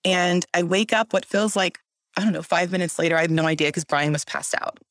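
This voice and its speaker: A woman telling a story in casual chat as a guest, animated and acting out voices. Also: on the low side, brisk, dry recording, clean studio sound. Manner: animated, acts out voices in her stories.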